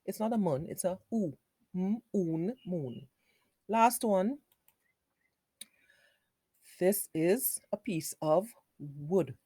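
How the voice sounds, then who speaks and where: A woman teacher giving a phonics lesson for young children, sounding out words slowly in parts. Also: mid-range voice, lively intonation, warm tone, breathy edge, no room sound, studio quality.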